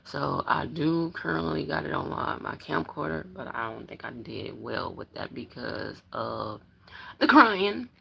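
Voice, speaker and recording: Woman, very gravelly, low voice, noisy phone audio, bedroom livestream. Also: animated, a little slow, pushed and bright. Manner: chatty, religious, greets viewers by name. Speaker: vlogger. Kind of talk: casual live-stream chat. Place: her bedroom while packing.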